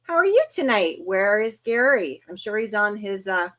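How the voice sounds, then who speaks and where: A woman in her fifties hosting a casual livestream, chatty and quick to laugh as she greets viewers one by one. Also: mid-range voice, very animated, fairly bright tone. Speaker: host.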